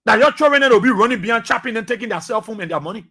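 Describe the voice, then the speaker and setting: This Liberian English-speaking radio commentator is animated and rapid-fire, his high, bright, forceful voice a little rough. He preaches fiercely at listeners, hammering home points by repeating short phrases.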